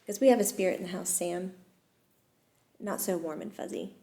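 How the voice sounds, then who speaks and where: A woman's voice: on the low side, vocal fry. Chatty woman host, laughing between stories. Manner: lively, laughs often, pauses with fillers. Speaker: host and medium. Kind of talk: casual storytelling chat.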